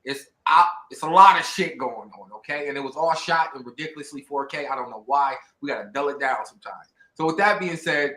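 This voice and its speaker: Man, livestream host, casual profane chat, bright forceful voice, echoey room. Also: a little high, brisk, hardly any pauses. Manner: loose, profane, laughing with friends.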